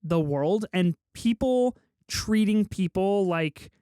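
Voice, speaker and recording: A man's voice: high-pitched, expressive, slow, mellow, clear, resonant tone, dry recording, studio quality. A man hosting a podcast in casual chat, steering the discussion and swearing casually. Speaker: podcast host.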